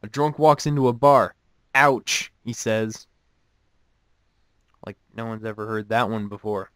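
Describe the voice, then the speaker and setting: A man's voice: fairly low pitch, normal speed, smooth, dry recording. A man casually reading jokes aloud and following each one with dry, self-mocking asides. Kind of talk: casual joke reading with commentary.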